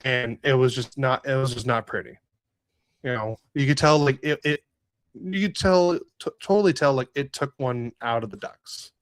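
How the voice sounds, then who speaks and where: A man's voice: mid-range voice, normal speed, smooth, no room sound. A man co-hosting a casual sports podcast, recapping a hockey game with a rambling, rueful manner, lots of fillers and restarts. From Southern California. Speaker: podcast co-host.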